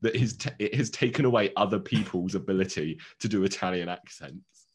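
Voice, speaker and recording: A man co-hosting a podcast in casual chat, with a bass voice, teasing and laughing often. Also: fairly quick, slightly rough. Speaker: podcast co-host.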